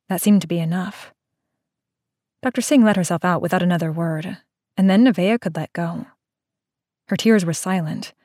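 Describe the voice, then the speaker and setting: A woman narrating an audiobook in a steady, unhurried, somber read on a close mic. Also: lowish voice, no room sound.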